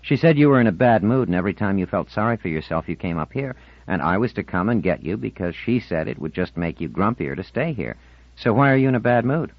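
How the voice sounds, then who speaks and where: A cheerful seventeen-year-old boy teases in a breezy, lively voice, played by a male narrator pitching up. The recording is dry and close, with a dull lo-fi audiobook sound. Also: fast, no room sound. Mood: teasing. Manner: teasing, breezy.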